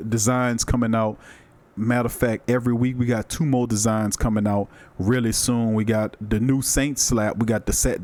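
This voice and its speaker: A man hosting a live sports podcast in casual chat, loose and animated as he reads viewer comments aloud. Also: fairly low pitch. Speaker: podcast host.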